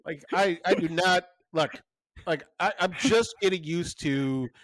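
A man in his thirties co-hosting a casual chat podcast, telling stories in a rambling, animated way with many restarts. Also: high-pitched, a little slow, no room sound, clean studio sound. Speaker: podcast co-host.

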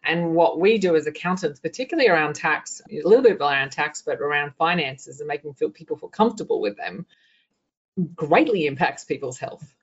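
A chatty interviewer at a middle pitch, thinking aloud as they ask questions and musing between points. The sound is slightly muffled and lo-fi. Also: expressive, a little fast, a bit bright. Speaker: interviewer, accountant and coach. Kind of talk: conversational interview.

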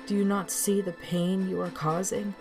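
A woman's voice: mid-range voice, level tone, normal speed, over music, voice pushed up, natural voice. A woman voicing a grieving female forest spirit who pleads with a woodcutter in an audio storybook. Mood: desperate.

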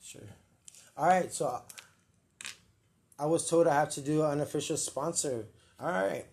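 A man's voice: fairly high pitch, fairly even intonation, normal speed, darkish tone. A man hosting a live comedic podcast, rambling, joking and swearing at himself. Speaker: podcast host. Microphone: earpiece and mic, live stream.

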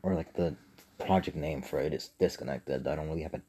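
A man's voice: very deep voice, brisk, warm tone, breathy edge. A young man rambling casually and profanely on a livestream, with mumbled asides. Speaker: streamer.

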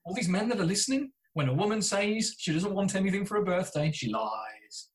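A man's voice: sits high, fast talker, poor audio. A middle-aged British man, a therapist and podcaster, telling candid self-deprecating stories in an interview. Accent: British English. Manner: chatty, self-deprecating storyteller with frequent restarts.

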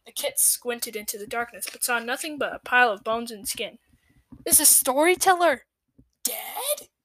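A woman narrating a children's story in a measured, expressive way that drops into hushed tones. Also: on the high side. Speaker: storybook reader.

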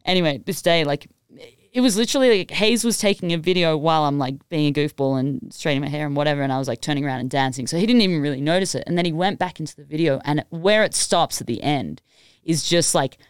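An Australian woman tells a story in loose, casual podcast chat, tossing in laughs and fillers. Her voice is smooth and clear. The mic sound is close and dry. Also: low voice, fast talker, no echo. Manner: chatty, giggly, lots of fillers. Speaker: music producer, podcast guest.

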